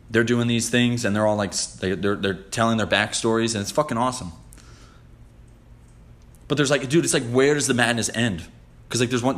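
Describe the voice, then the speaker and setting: A man hosting a podcast in casual chat, talking in a profane, rambling, excitable way. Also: on the low side. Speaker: podcast host.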